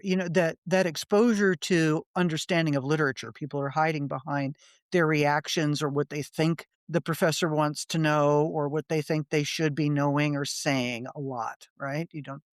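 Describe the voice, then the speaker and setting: A woman's voice: sits low, moderate pace, no echo, studio quality. A woman hosting a reflective interview podcast, speaking thoughtfully in long, winding sentences. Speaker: podcast host.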